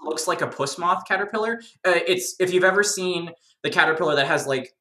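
Bright, chatty game-lore explainer, roomy sound. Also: mid-range voice, fairly quick. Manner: animated, chatty, many fillers and restarts, jokey. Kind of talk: casual discussion.

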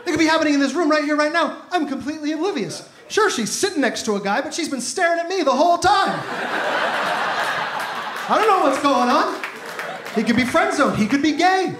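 His pitch is extremely high and his pace fairly quick as this young man works through a stand-up routine, acting out conversations within his stories. Background noise from the live club audience and the room's echo are clearly present.

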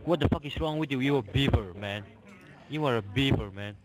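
A man's voice: medium pitch, brisk, crowd noise, low-quality recording. Combative male caller, insulting, mid-range voice, over a phone. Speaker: phone scammer. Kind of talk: phone call.

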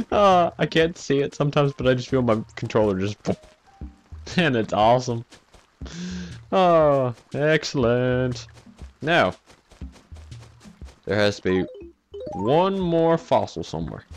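A man giving casual, self-mocking commentary over a video game, laughing often at his own mishaps. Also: medium pitch. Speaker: let's play commentator.

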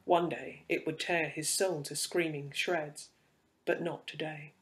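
Male reader, slightly high pitch, measured and dramatic for fantasy narration. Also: flat delivery, a bit bright. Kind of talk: dramatic fiction reading.

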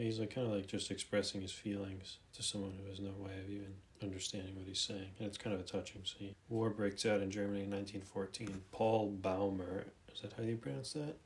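A man casually thinking aloud as he browses a website, hesitant and rambling, with many fillers and restarts, now and then reading a summary aloud. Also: fairly low pitch. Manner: reads plot summaries aloud, then comments. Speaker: YouTube movie commentator. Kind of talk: casual off-the-cuff commentary while browsing a website. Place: room at home, at a desk chair.

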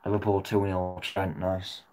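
Sitting low, a man vlogs his live reaction to a football match as a fan in an unhurried, monotone voice. He curses frequently and alternates between quiet muttering and loud shouts aimed at the referee.

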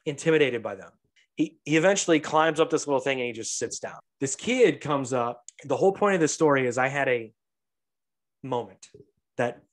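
A man and young father telling profane, animated stories on a casual podcast, acting out the voices of the people in them. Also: mid-range voice. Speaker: podcast co-host; father of a toddler. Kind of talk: casual storytelling.

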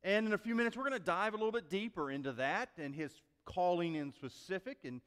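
A man preaching a sermon as pastor, telling a story in a folksy, animated way with many restarts. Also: high voice, fairly quick, clean tone. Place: church sanctuary. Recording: long reverb of a church sanctuary.

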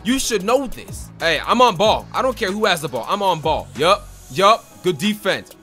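Young male gaming creator, high-pitched and punchy, excitable play-by-play commentary. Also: soft background music. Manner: hyped, excitable trash talk with quick repeated exclamations. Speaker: gaming YouTuber. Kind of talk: gameplay commentary.

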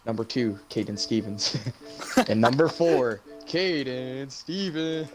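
A man puts on a booming male stadium announcer, stretching out each number and name. The voice sits low and loud, with the swagger of a public-address call. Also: faint music behind, natural voice. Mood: hyped. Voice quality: drawn-out announcer calls.

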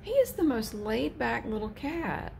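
A woman vlogger chatting casually while filming a cat outside, with a drawn-out, easygoing manner. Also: big pitch swings, creaky, a little hiss or hum. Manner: chatty, slow and drawn out, slips into high baby talk for the cat.

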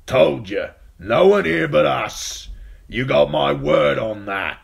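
Man putting on a gruff old man, stubborn, clipped folksy talk, slow, storybook figure. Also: medium pitch, expressive, pitched above the performer's own voice, full character voice. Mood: defiant.

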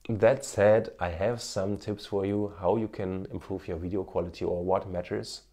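Man with a German accent, low voice, earnest coaching tone, casual vlog recorded on a phone with an external mic. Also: steady tone, normal speed, dark tone. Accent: German, with a slight Indian tinge. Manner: earnest and encouraging, with frequent fillers. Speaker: marketing coach, former TV cameraman. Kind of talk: casual advice to camera. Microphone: smartphone with an external microphone.

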